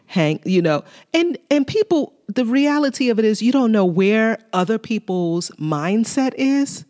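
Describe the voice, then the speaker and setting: A woman's voice: a little high, very animated, a little slow, warm tone. A woman co-hosting a faith talk show with her husband, speaking candidly and with humor about marriage.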